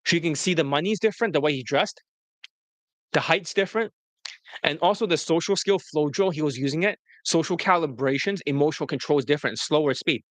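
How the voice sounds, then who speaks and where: A dating coach tells stories to an interviewer in a blunt, profane, rambling way. His voice is fairly high and a bit bright, and he speaks briskly, with no echo.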